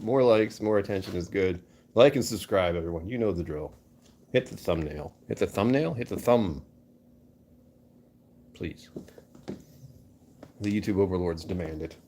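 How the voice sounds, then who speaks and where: Dude on a stream, kinda low voice, joking around and roasting himself, little bit of hiss behind. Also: male voice, animated, measured pace, pauses often, dark tone. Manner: chatty, jokey, self-mocking. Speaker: streamer reading chat. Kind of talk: casual live-stream chat.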